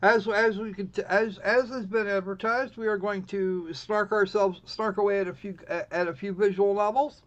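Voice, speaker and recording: A man's voice: high-pitched, steady tone, moderate pace, hardly any pauses, fairly bright tone. A man hosting a live stream, chatting casually in a wry, rambling way and often correcting himself mid-sentence. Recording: muffled lo-fi stream audio.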